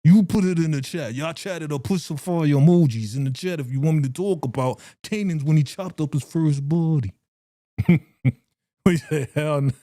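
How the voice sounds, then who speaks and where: A man, hosting a live reaction stream and talking in an animated, scene-acting way. His voice sits a bit high but sounds mellow and warm. The recording is close and dry. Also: normal speed, no room sound. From New York. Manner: animated, reads chat aloud, acts out scenes.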